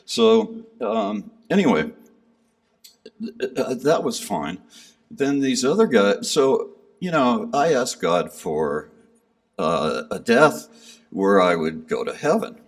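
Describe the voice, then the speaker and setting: In a gathering hall, a man casually recounts a pilgrimage, rambling and self-deprecating with many fillers. His lowish voice swings widely in pitch at a slow pace with long pauses. He's somewhat far from the mic.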